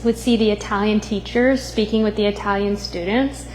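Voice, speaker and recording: A young woman presenting skincare products in a smooth, upbeat manner, then chatting. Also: mid-range voice, fairly even intonation, normal speed, darkish tone, faint music behind. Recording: room with long reverb.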